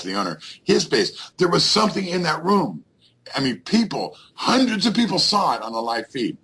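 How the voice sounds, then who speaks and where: Deep husky guy on a radio show, rambling ghost story, voice jumps all over. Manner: animated, rambling with many fillers and restarts. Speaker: guest paranormal investigator.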